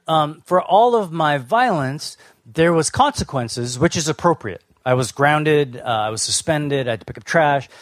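A man's voice: on the high side, dry recording. A young adult man from Canada giving a sermon, telling his own story in a casual, conversational way with fillers and restarts. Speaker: pastor.

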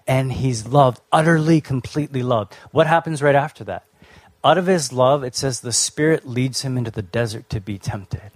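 A man's voice: fairly high pitch, brisk, dry recording. A young adult man from Canada giving a sermon, telling his own story in a casual, conversational way with fillers and restarts. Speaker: pastor.

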